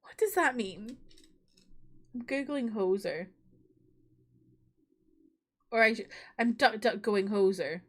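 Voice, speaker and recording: Bright-voiced girl streamer chatting through her game, amused little asides. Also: fairly high pitch, animated, a little slow. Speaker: gaming streamer. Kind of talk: casual playthrough commentary.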